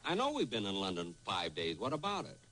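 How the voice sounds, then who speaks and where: A vain, stingy comedian. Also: male voice, fairly low pitch, wildly swooping pitch, brisk. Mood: sheepish. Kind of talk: 1940s radio acting. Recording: noisy old radio broadcast.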